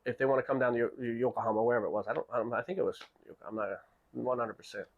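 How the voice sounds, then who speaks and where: A man's voice: medium pitch, racing, phone-quality sound. A man casually telling a long story, acting out the people in it and often restarting his sentences. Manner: animated, acts out quoted people with raised voice; restarts and repeats words often. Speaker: podcast host.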